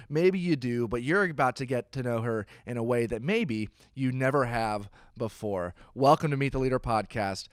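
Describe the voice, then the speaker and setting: A man hosting a church podcast, chatting in a loose and playful way with a good dose of self-mockery. His voice sits at an ordinary pitch for a man. He is close on the microphone, and the sound is dry with no room around it. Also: clean tone, dry recording. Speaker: podcast host. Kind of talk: casual church podcast intro. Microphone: close studio microphone.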